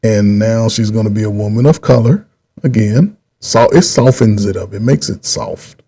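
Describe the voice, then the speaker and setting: Middle-aged male host, husky and mellow, loose rambling commentary delivery. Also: on the low side. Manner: rambling, repeats himself, drawn-out pauses. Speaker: channel host. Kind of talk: casual political commentary.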